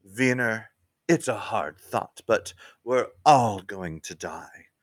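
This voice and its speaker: Guy doing a grumpy tired detective, low grumbly voice. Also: animated, slow pace, no echo, clean studio sound. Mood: gruff. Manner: grumbling, lower voice. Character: gruff, world-weary mustached male detective.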